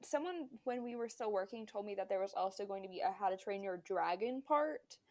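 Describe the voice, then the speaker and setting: A woman's voice: medium pitch, lively intonation, a little fast, darkish tone. A young woman co-hosting a casual podcast, running a quiz and talking in a chatty way with frequent hesitations. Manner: chatty, hesitant with many fillers.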